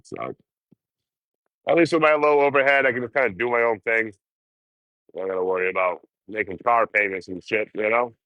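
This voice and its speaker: Deep-voiced man cursing through casual chat. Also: brisk, pauses often, sharp tone, no echo, muffled recording. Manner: profane, rambling, talks to viewers. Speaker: livestreaming traveler.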